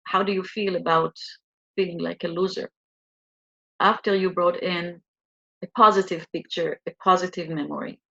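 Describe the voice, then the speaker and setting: A woman leads a guided tapping exercise, speaking slowly and soothingly and repeating her cues. Her voice sits at a middling pitch. The recording sounds a little dull and lo-fi. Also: a bit bright. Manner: slow, soothing, repetitive guidance. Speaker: EFT tapping coach.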